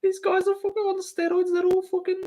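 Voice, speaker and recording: A man doing a high, whiny impression of a complaining male fighter. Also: monotone, a little fast, dark tone. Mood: griping.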